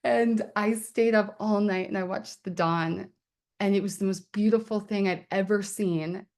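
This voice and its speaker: A woman's voice: mid-range voice, fairly even intonation, measured pace, a little mellow. A woman poet hosting her book launch on a video call, talking casually and candidly with lots of fillers and laughter. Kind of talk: casual chat.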